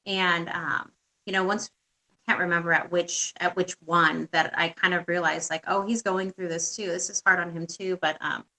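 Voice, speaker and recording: A woman with a lower-pitched, bright and forceful voice talks as a guest in a personal conversation. She speaks reflectively and haltingly, pausing often as she gathers her thoughts. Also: steady tone, low-quality recording. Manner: reflective and halting, many pauses.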